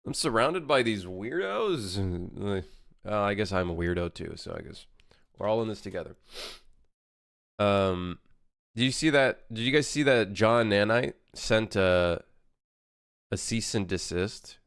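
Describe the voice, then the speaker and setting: A man's voice: on the low side, animated, a little slow, vocal fry, a bit bright, dry recording, clean studio sound. A young man chatting casually on a game development live stream, rambling and correcting himself as he reads chat.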